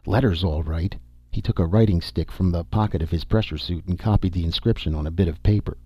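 A man narrating a science fiction audiobook in a steady storytelling manner. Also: low voice, quick pace, husky, dry recording. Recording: dull dry recording.

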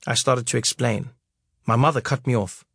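A man's voice: medium pitch, moderate pace, creaky, fairly bright tone, breathy edge, no room sound. A man reading his memoir aloud, wry and storytelling, on a close studio mic. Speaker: narrator.

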